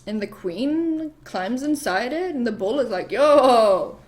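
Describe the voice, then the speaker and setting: Woman vlogger, casual myth retelling, swears and laughs, slow and high. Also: lively intonation, a little mellow. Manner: rambling, swears freely, laughs, easily distracted. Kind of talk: casual myth retelling while painting nails.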